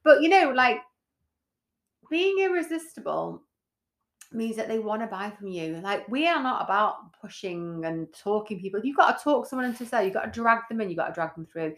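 A woman co-hosting a business podcast in casual chat, blunt and animated, swearing freely. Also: a little high, fairly quick. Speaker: podcast co-host, brand builder.

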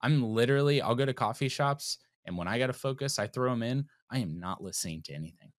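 A man co-hosting a podcast in casual chat, animated and joking. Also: mid-range voice, quick pace, dry recording, studio quality. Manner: animated and joking, swings up and down in delivery. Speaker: podcast co-host.

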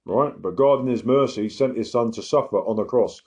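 A man's voice: mid-range voice, a little fast, darkish tone. A man preaching informally, earnest and emphatic, often checking in with listeners. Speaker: lay preacher giving testimony.

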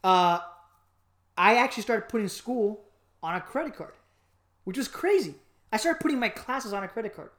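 A man from Miami telling a personal story in a casual podcast chat, animated and joking, with lots of fillers. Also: high voice, normal speed, long pauses. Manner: animated, joking, acts out voices, many fillers. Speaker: podcast co-host.

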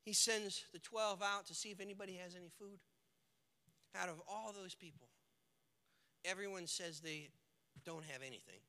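Male pastor, very high piercing voice, dynamic sermon delivery from whisper to shout, long church reverb. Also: moderate pace. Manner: dynamic preaching, swings from hushed to shouting; acts out quoted characters in the stories.

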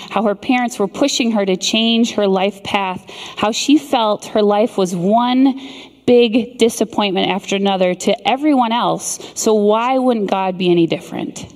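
A middle-aged woman giving a sermon, telling a story in an earnest, measured way with dramatic pauses. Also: medium pitch, creaky, a little mellow. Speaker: speaker. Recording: long hall reverb.

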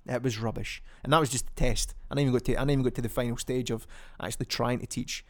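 A man's voice: mid-range voice, fairly even intonation, quick pace. A young Scottish man hosting a podcast, chatting casually on his own and rambling with plenty of ums and restarts. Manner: chatty and rambling, lots of ums and self-corrections. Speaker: podcast host. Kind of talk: casual solo podcast chat.

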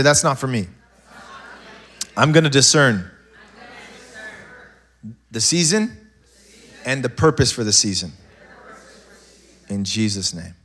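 A man preaching a sermon to a congregation, swinging from quiet asides to loud, animated bursts, with loose storytelling full of restarts. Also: medium pitch. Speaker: pastor.

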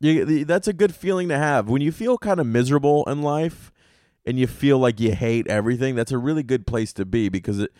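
A man hosting a podcast in a casual monologue, rambling and swearing through animated stories. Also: medium pitch, fairly quick, no room sound, studio quality. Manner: profane, rambling, animated storytelling. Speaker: podcast host.

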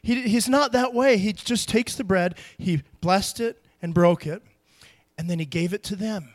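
A man's voice: high voice, measured pace. A middle-aged man preaching a sermon as pastor, in a conversational style that acts out quotes with strong emphasis.

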